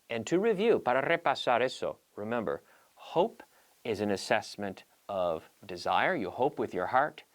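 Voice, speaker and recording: A man hosting a language-learning show, teaching in a lively, playful way and acting out little scenes as examples. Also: fairly low pitch. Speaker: English teacher and show host. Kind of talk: bilingual language lesson.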